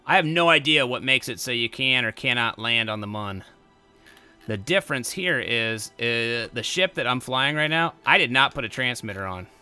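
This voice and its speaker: A young man giving casual let's-play commentary, excitable and bursting into loud exclamations. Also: mid-range voice, moderate pace, clear, resonant tone, faint music behind. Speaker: gameplay commentator.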